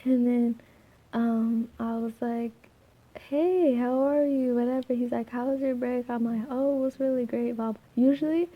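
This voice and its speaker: A soft-spoken young woman with a slightly scratchy voice, rambling through a casual vlog with many fillers and restarts. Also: on the high side, little pitch movement, normal speed, phone-quality sound. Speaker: vlogger.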